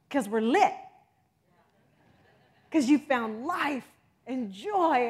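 A middle-aged woman preaching a sermon with passion, moving from loud exhortation to hushed intensity. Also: sits high, lively intonation, extremely slow, long pauses, breathy edge. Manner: impassioned, swings from loud exhortation to soft intensity.

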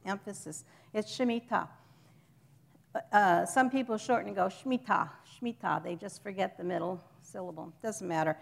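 A woman's voice: mid-range voice, gravelly. A woman giving an informal church teaching to a congregation, chatty and joking with them, stopping to correct herself.

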